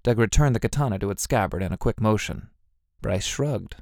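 A man narrating a story aloud in an expressive, measured way. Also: on the low side, creaky, dry recording, clean studio sound. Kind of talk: storybook reading.

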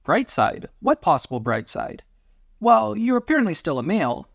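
A man reading a story aloud, voicing a panicky male alien who has become a dog-man, with frantic, shrill questions. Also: big pitch swings, normal speed, creaky, no room sound, studio quality, heavily acted. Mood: flustered.

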